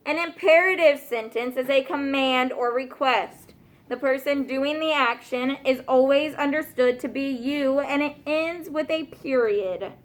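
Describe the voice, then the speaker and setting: A woman's voice: high-pitched, fairly bright tone. A woman teacher leading a grammar review in a classroom, checking in often with "okay?" and "right?". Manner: patient, checks understanding with frequent "okay?" and "right?". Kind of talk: classroom lesson.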